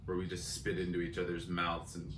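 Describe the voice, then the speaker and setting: A man's voice: sits low, completely flat delivery, brisk, a bit bright, roomy sound, a little hiss or hum. A man in his thirties co-hosting a podcast, chatting casually and comically, rambling and self-deprecating. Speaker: podcast co-host. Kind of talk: casual comedic chat.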